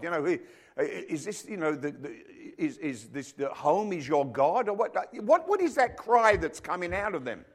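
A middle-aged male pastor preaching a sermon, reading scripture and telling jokey stories with loud acted quotes. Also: high-pitched, lively intonation, a little fast. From rugby-playing country, emigrated to Africa.

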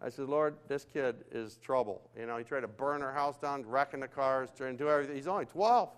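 An older man preaching a sermon, telling stories in a lively way that swings from hushed to loud. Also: medium pitch, a little fast, clear, resonant tone. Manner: animated storytelling, swings between hushed and loud.

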